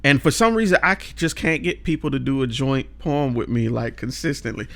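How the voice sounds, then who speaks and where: A man's voice: medium pitch, fairly quick, vocal fry, fairly bright tone. A young man hosting a casual chat, talking in laid-back slang, laughing often and reciting lines of poetry. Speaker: podcast host.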